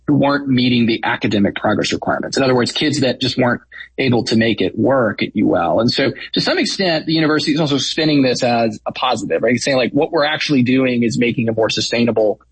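A man's voice: mid-range voice, fast talker, slightly rough, no room sound, rough recording. A man who founded a news outlet, giving casual news analysis as a guest with frequent fillers.

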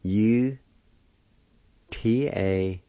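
A man teaching a language lesson on a dull lo-fi recording, sounding out each syllable slowly and deliberately. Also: on the low side, mellow, no echo. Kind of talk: spelling and pronunciation lesson.

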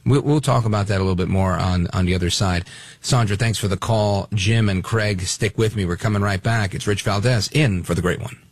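Man, talk radio host, gravelly low voice, husky, dry studio sound, emphatic call-in chatter. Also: brisk, no echo. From Brooklyn, New York. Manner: emphatic, conversational, many fillers.

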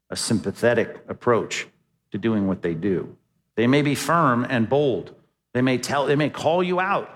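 A man preaching a sermon from the pulpit, talking to the congregation in a casual, conversational way. He throws out rhetorical questions and leans hard into the lines he quotes. His mid-pitched voice rings with the long reverb of a large church hall. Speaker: pastor.

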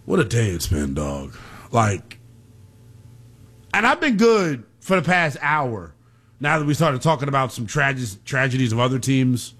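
Animated man hosting sports radio. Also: medium pitch, measured pace. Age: young adult. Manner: animated, ranting, slangy. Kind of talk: call-in sports radio talk.

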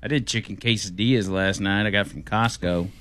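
A man's voice: lowish voice, fairly even intonation, no room sound. Rambling talk radio host man. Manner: loose, rambling and chatty, drawn-out shouted show openers. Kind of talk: casual talk radio chat.

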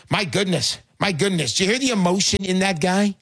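A man's voice: sits high, brisk, hardly any pauses, fairly bright tone. A man hosting a call-in radio show, talking in a brash, jokey, salesy way.

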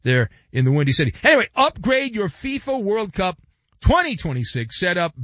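A man's voice: high voice, fairly bright tone, dry recording, lo-fi sound. A man hosting a radio show, talking in a theatrical, playful way and reading live ads. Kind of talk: bombastic talk radio with live ad reads.

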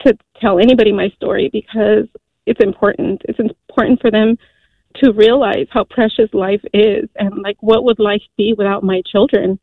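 A woman in her forties calling in to a radio show, telling a personal story earnestly, with many halting fillers. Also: mid-range voice, steady tone, no echo. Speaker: caller. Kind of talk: call-in radio testimony. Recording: tinny phone line.

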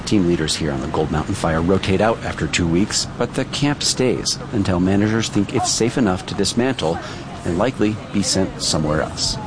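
A male reporter narrating a scripted news feature in a calm, descriptive way. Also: deep voice, fairly quick, background noise.

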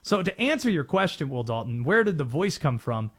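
A man's voice: on the high side, sing-song, brisk, breathy edge. A man from North Carolina hosting a sports talk radio show, chatting and explaining. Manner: conversational, explanatory.

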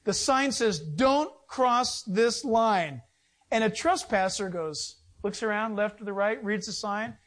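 A man's voice: high-pitched, fairly bright tone. A male pastor preaching a sermon in an emphatic, conversational way, with rhetorical questions and joking asides.

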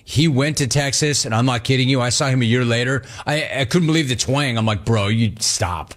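A man's voice: medium pitch, fairly quick, fairly bright tone. A man hosting a sports call-in show, riffing energetically and talking in slangy, casual terms. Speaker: radio talk host. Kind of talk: sports talk radio.

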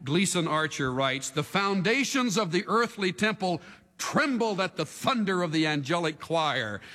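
A male pastor with a high-pitched voice delivers a sermon in a large hall, alternating quiet asides with shouting. He draws the congregation into call-and-response.

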